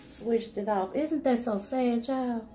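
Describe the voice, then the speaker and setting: A woman's voice: on the high side, slow, mellow. A young woman chatting emotionally with viewers, vlogging on a handheld phone inside an animal hospital. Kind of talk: casual vlog chat.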